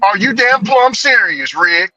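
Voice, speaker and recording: A man's voice: high voice, lively intonation, measured pace, sharp tone, dry recording, highs cut off, soft background music, heavily acted. A man voicing his male boss on the phone, blunt and exclaiming. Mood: incredulous.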